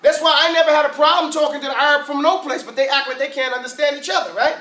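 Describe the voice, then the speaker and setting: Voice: sits high, fairly even intonation, racing, bright, forceful tone. An Arabic teacher, teaching a class casually in slangy talk and often checking that everyone follows. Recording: echoey room from far off.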